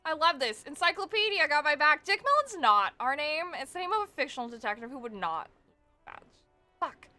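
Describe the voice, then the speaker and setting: A woman's voice: high voice, big pitch swings, a little fast, sharp tone, faint music behind. A young woman streaming a game, reading its text aloud and chatting with viewers, swearing now and then. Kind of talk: casual game-reading and chat.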